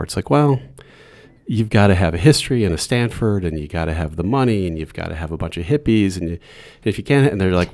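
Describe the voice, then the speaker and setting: Podcast host, man, middle-aged, very deep voice, chatty and relaxed, dry close recording. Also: quick pace, vocal fry, dry recording. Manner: casual, musing and chatty. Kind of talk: conversational interview.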